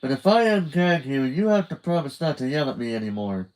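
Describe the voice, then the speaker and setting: A man's voice: a little high, very animated, a little fast, a little mellow, voice pushed up, low-quality recording. A man voicing a young spy boy who talks in an exasperated, wry way. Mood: placating. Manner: exasperated, sarcastic.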